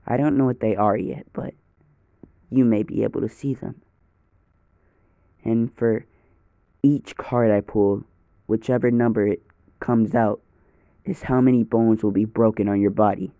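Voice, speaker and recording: A man's voice: fairly low pitch, fairly even intonation, measured pace, long pauses, no echo. A man voicing a betrayed young male hero who turns coldly vengeful, in a fan story read over a dull lo-fi recording. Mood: calm menace. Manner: wounded, then icy and threatening.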